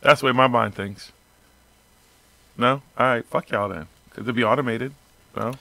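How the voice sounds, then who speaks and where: A man's voice: medium pitch, moderate pace, vocal fry, sharp tone, dry recording, poor audio. A man chatting on a casual radio talk show, joking and crude. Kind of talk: casual chat.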